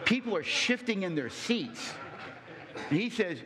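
A man giving a motivational talk on relationships, telling a story with rhetorical questions and deliberate pauses. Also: high voice, big pitch swings, noisy background. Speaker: speaker on relationships.

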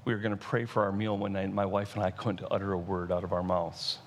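A middle-aged male pastor preaching a sermon, retelling a story and slowing down for emphasis. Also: low-pitched, flat delivery, slight background noise.

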